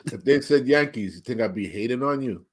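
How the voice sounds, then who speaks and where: A male panelist in a casual online talk show. He speaks at a middle pitch with a wry, blunt edge. He keeps poking at the host with questions. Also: expressive, brisk, breathy edge.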